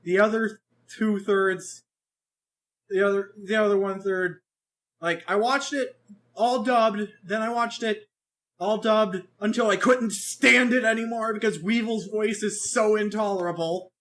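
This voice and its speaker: A man co-hosting a podcast, chatting casually in an animated, rambling way, with lots of swearing and restarts. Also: sits high, unhurried. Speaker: podcast co-host reviewing an anime. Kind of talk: casual chat.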